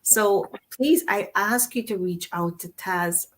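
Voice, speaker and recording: A woman's voice: mid-range voice, slow. A woman co-hosting a casual talk show, speaking effusively and rambling, with frequent restarts and rephrasings. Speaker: co-host.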